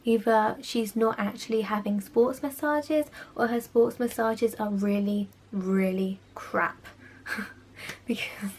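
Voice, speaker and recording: A woman's voice: on the high side, steady tone, slow, slight background noise. A young woman, a spa therapist, ranting sarcastically about clients in a casual vlog. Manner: exasperated, sarcastic storytelling.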